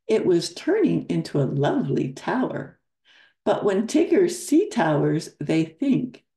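A storyteller, an older woman, reads aloud from a picture book for children and asks the listener questions between pages. Her lowish voice is mellow and unhurried, though it swings widely in pitch.

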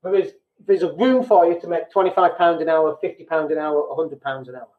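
A British man with a fairly high voice talks bluntly and casually on his podcast, often joking at his own expense. The sound is thin and tinny, like a phone line, with a noticeable echo from the room. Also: fairly even intonation, brisk. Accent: British English. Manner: blunt, self-deprecating, acts out quoted people. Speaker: podcast host. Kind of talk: casual business podcast talk.

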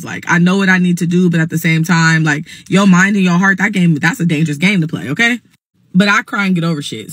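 A woman's voice: lowish voice, husky, no echo. A young adult woman telling a heated storytime, blunt, profane and emphatic. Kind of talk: casual storytime monologue.

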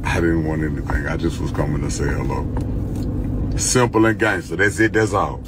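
A man with a very deep voice talks in a slow, slangy drawl, scolding like a father. The clip is noisy, with car sounds behind him. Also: distant mic. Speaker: rapper giving advice. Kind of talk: casual fatherly talk.

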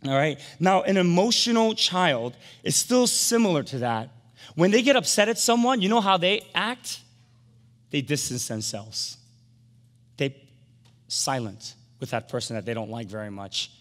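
A middle-aged man preaching a sermon as pastor, animated, swinging from emphatic peaks down to soft, quiet storytelling. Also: fairly high pitch, unhurried. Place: large church sanctuary. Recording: long hall reverb from a church sanctuary.

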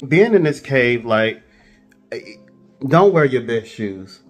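A man's voice: medium pitch, very animated, takes it slowly. Man, casual travel vlogger, joking storyteller, light music under. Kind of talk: casual chat.

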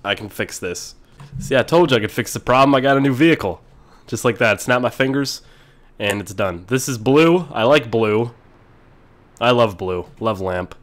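A man hosting a casual let's-play video while sick, clearing his throat often, excitable and quick to yell and swear when things go wrong. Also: mid-range voice. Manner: excitable, swears and yells at mishaps. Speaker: gaming video host.

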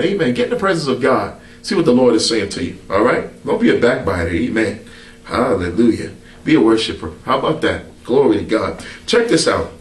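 A man preaching to the camera with a lively voice that rises and falls as he leans into his points. He peppers his talk with amens and hallelujahs in a loose, colloquial style. He stands set back from the mic in a roomy, echoing space. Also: medium pitch, far from the mic. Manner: preacherly call-and-response, frequent amens. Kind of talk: sermon to camera.

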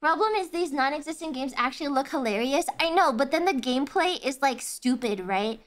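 Giggly high-voiced young woman streamer. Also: a little fast. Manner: giggly, swears freely, animated. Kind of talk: casual reaction stream.

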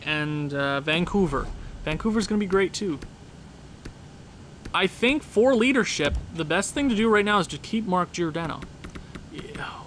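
A man giving casual gameplay commentary, talking to the game as he goes and breaking into excited, shouting laughter. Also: sits high, a little hiss or hum. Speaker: gaming channel host.

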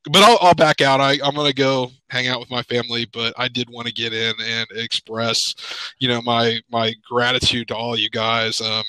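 A man in a podcast video call, talking haltingly with many pauses and fillers, choked up with emotion. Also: medium pitch, level tone, sharp tone, smooth, no echo, low-quality recording. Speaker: podcast panelist. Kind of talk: emotional casual chat. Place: home.

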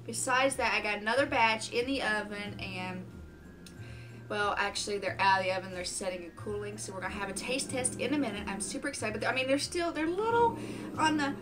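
A woman's voice: medium pitch, a little fast, over music. A woman chatting casually in a home vlog, gushing and exclaiming often. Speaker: vlogger.

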